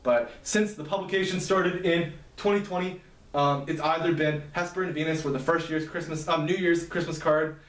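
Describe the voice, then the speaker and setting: A man's voice: a little high, steady tone, moderate pace, a bit bright. A man casually recapping a story, rambling and self-amused, full of fillers and side comments. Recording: echoey room, mic at a distance.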